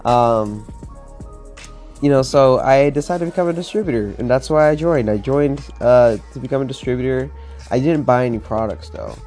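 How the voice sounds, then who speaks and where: A young man telling a personal story in a chatty, excitable way to camera, with lots of fillers. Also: medium pitch, moderate pace, faint music behind. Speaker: vlogger.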